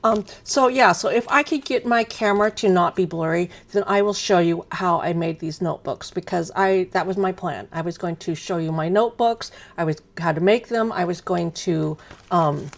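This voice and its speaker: Chatty woman in her fifties with gravelly voice. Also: on the low side, moderate pace. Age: 50s. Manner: chatty, rambling, self-deprecating, many ums. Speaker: craft live stream host. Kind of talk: casual live stream chat.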